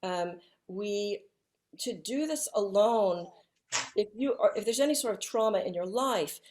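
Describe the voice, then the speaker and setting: Soft-spoken woman guest, halting and reflective. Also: mid-range voice, expressive. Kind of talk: reflective interview talk.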